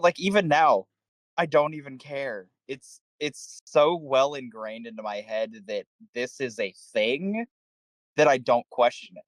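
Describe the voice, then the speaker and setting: A man's voice: medium pitch, dry recording. Man, podcast co-host, playful, jokey, emphatic, dry close sound. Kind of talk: casual chat.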